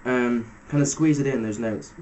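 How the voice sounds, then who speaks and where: A man giving a casual step-by-step guitar lesson, talking through fret numbers in a relaxed way with fillers. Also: medium pitch, normal speed, rough recording. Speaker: guitar teacher. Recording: loud guitar music under the voice. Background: electric guitar playing between phrases.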